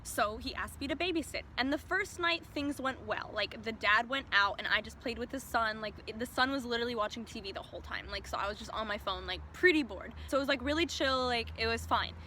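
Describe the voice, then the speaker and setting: Young woman vlogger, higher-pitched and bright, chatty storyteller who says "like" constantly. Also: brisk, few pauses, slight background noise. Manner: chatty, peppers speech with "like". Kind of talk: casual storytime.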